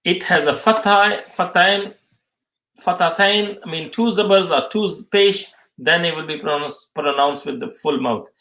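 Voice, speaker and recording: A man's voice: high-pitched, sharp tone. Echoey man teaching tajweed rules. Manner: halting, many fillers, restates terms twice. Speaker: Quran recitation teacher. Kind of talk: live tajweed lesson, reading questions and answers. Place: mosque or Islamic centre room. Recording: roomy echo.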